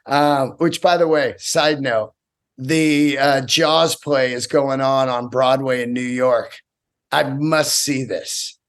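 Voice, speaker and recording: A man in his fifties, a stand-up comedian hosting his own podcast, telling stories in an excitable, profane, rambling way with many restarts. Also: mid-range voice, takes it slowly, smooth. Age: 50s. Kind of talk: casual solo podcast storytelling.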